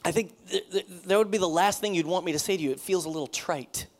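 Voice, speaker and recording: Animated man preaching a sermon. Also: sits high, fast talker. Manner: conversational, animated preaching with repetitions. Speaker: pastor.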